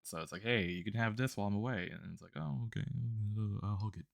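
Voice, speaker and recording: A man's voice: on the low side, fast, creaky, no room sound. A man streaming while drawing, chatting casually about a tabletop game character, rambling with lots of fillers, restarts and laughs.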